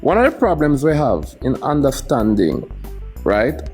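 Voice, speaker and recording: A man's voice: mid-range voice, huge pitch swings, unhurried, darkish tone, soft background music. A man with a Jamaican accent lecturing in a heated panel discussion and cutting in repeatedly to hold the floor.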